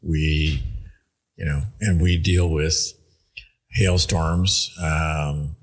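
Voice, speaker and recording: A man with an extremely deep, husky voice. He speaks slowly and unhurriedly. His delivery is measured and full of pauses and filler ums. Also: fairly even intonation. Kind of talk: casual podcast conversation.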